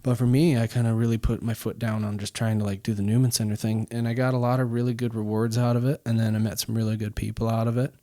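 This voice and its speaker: A man's voice: medium pitch, level tone, quick pace, few pauses, warm tone, no echo, studio quality. A man in his thirties, a podcast guest, telling a personal story in a rambling way with many fillers. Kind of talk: casual storytelling.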